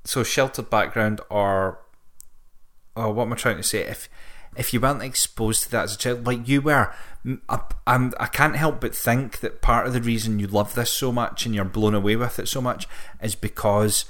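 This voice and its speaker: A man's voice: medium pitch, fairly even intonation, moderate pace, fairly bright tone. A man co-hosting a podcast, chatting casually in a wry, hesitant way, often correcting himself. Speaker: podcast co-host. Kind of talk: casual chat about retro games.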